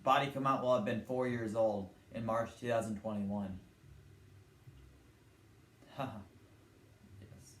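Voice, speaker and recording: Low-voiced young man rambling in an echoey room. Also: fairly even intonation, takes it slowly, long pauses, a bit bright. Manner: meandering, retells cartoon scenes and puts on short character voices. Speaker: channel host. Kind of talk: casual rambling vlog talk. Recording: echoey room with faint ambient noise.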